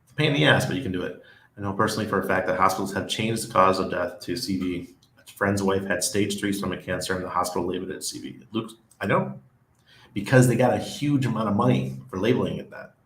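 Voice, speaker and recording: Hosting a casual live stream from Panama, a man with a deep, fairly bright voice talks at a quick pace, reading viewer comments aloud and wandering through his thoughts with restarts and laughter. The echoey recording carries a little hiss or hum.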